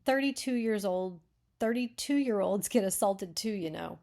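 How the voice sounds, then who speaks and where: A sarcastic, slick grown man with a dry, disapproving tone, read aloud by a woman with a gravelly, vocal-fry texture. The lines come in a plain, lightly raised reading voice rather than a full character performance. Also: mid-range voice, animated, unhurried, a little mellow.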